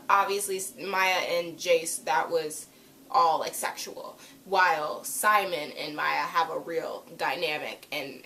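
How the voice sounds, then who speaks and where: A woman's voice: on the low side, slight background noise. Chatty young woman reviewing a show. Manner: animated, swings between loud outbursts and hushed asides; frequent "like" fillers, slangy. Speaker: TV episode reviewer. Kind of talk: casual vlog review.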